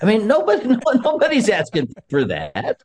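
A man's voice: high-pitched, huge pitch swings, moderate pace, darkish tone. A man talking earnestly about faith and forgiveness, laughing often and restarting his sentences. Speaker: guest. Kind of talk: casual faith talk.

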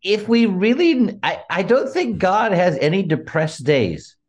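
A man's voice: high voice, big pitch swings, a little slow, darkish tone. A man talking earnestly about faith and forgiveness, laughing often and restarting his sentences. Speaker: guest. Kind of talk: casual faith talk.

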